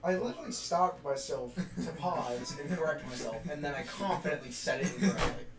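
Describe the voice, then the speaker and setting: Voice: medium pitch, fairly quick, loud music behind the voice. A young person in casual chat with a friend, chatty and self-mocking. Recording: roomy room, away from the mic.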